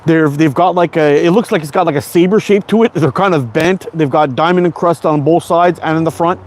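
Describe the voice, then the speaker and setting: A man's voice: a little high, brisk. A Canadian man in his forties hosting a casual livestream, rambling and chatting as he answers viewer comments. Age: 40s. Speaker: livestream host.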